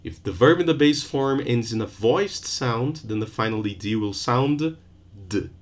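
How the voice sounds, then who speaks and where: A man giving a recorded university phonetics lesson, Portuguese his first language, repeating sounds and examples deliberately. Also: medium pitch, animated. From Brazil. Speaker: university lecturer.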